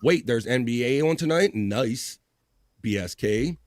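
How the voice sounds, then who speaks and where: A man hosting a live stream in casual chat, reading viewer messages aloud with upbeat, profane shout-outs. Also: mid-range voice, lively intonation, measured pace, no room sound, clean studio sound.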